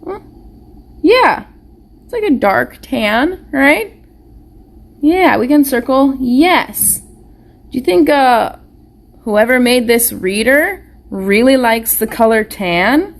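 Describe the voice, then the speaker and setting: A woman's voice: high voice, animated, slow pace, pauses often. A woman teacher giving a live online phonics lesson to young children, patient and encouraging, asking them question after question.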